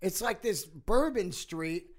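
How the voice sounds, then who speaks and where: A man's voice: high voice, animated, slow. A man, a stand-up comedian, trading stories in casual chat, swearing freely and laughing often.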